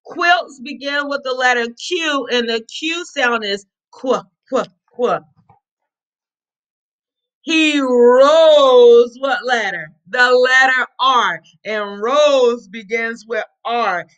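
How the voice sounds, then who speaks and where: A woman's voice: high-pitched, sharp tone. A woman teacher reading a picture book aloud to young children, prompting letter sounds and praising them. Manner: encouraging, drawn-out letter sounds, sing-song prompts. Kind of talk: read-aloud phonics lesson for young children.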